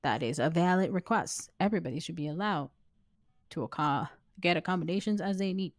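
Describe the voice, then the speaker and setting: A woman's voice: fairly low pitch, fairly quick, dry recording, studio quality. Woman streamer taunting a game ghost. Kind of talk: live gameplay commentary.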